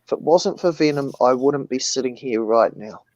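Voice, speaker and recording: A man in relaxed conversation, telling an anecdote with lots of restarts and casual swearing. His voice sits at an ordinary middle pitch, and the sound is close and dry, with no room echo. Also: moderate pace, highs cut off. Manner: rambling, animated storyteller, swears casually. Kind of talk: casual chat.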